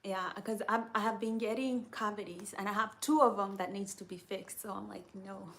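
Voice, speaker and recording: A woman's voice: mid-range voice, fairly even intonation, fairly quick, fairly bright tone. A young woman from Kenya with a Kenyan accent, chatting casually and answering questions, with lots of restarts and "you know.".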